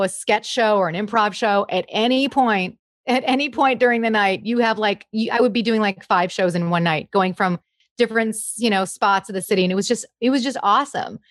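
Chatty, animated woman comedian. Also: mid-range voice, dry recording, clean studio sound. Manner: chatty, animated, laughs often, slips into impressions. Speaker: comedian guest. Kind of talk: casual interview chat.

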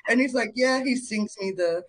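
A young woman from North Carolina, telling stories as a podcast guest in a lively way, full of fillers and laughs. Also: a little high, moderate pace. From North Carolina, USA. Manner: animated, laughs often, many fillers. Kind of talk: casual interview storytelling.

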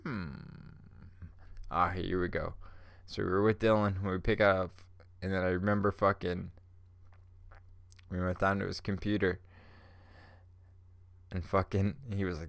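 A man's voice: sits low, little pitch movement, measured pace, vocal fry, pauses often, dry recording, clean studio sound. A man hosting a podcast alone, stoned, rambling in a laid-back, profane way and laughing often. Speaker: podcast host.

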